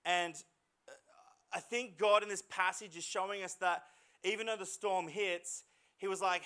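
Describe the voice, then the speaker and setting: A male pastor preaching a lively, dramatic sermon to a church congregation, with jokey asides and voices he acts out. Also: sits high, moderate pace, clean tone. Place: church service hall.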